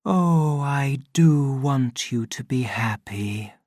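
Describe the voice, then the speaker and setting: A man voicing a recorded crowd-control voice that speaks softly with gentle sorrow. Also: mid-range voice, lively intonation, takes it slowly, no room sound, clean studio sound. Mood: tender. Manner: soft, tender, pleading.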